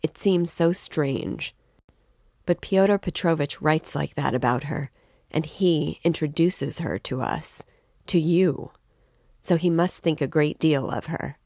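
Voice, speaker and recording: Woman voicing a fretful mother, worried and chatty, gravelly edge, dry close sound. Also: deep voice, slow pace, darkish tone, no echo, heavily acted. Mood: anxious. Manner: worried, talkative. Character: anxious fretful middle-aged mother, woman.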